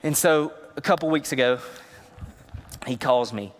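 A youth pastor preaching a sermon, telling personal stories in a conversational, emotional way. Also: male voice, medium pitch, unhurried, in a large hall.

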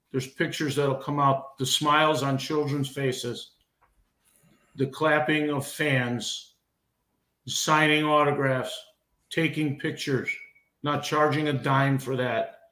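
A man's voice: medium pitch, a bit bright. A middle-aged man, a veteran wrestler guesting on a podcast, speaking emotionally and heatedly, repeating and restarting his words. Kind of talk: podcast interview. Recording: echoey room.

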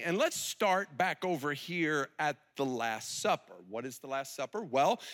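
Male pastor, middle-aged, lively conversational sermon with a bright, high, animated delivery. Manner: conversational, animated storytelling with rhetorical questions.

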